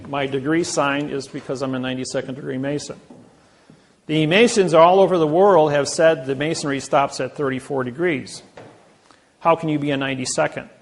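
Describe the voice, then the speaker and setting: A man giving an informal seminar lecture, telling rambling anecdotes and acting out the dialogue himself. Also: a little high. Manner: storytelling, acting out courtroom dialogue; rambling, self-correcting.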